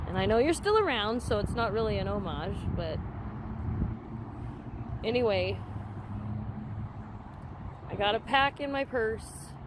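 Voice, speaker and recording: A woman's voice: mid-range voice, lively intonation, takes it slowly, long pauses, background noise. A middle-aged woman talking to the camera in a rambling, agitated rant about a bad appointment. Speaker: vlogger.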